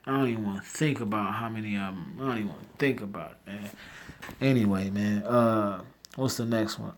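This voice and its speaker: A man hosting a casual news commentary, reading headlines aloud and breaking off into rambling, slangy asides and loud disbelief. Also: on the low side, measured pace, slight background noise. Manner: reads headlines then reacts with loud disbelief.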